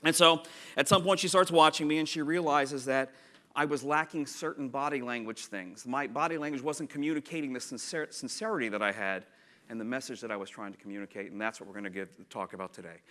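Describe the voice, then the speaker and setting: A man giving a conference talk with slides, animated and playful, acting out little quotes and scenes. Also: medium pitch. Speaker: conference speaker. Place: conference room.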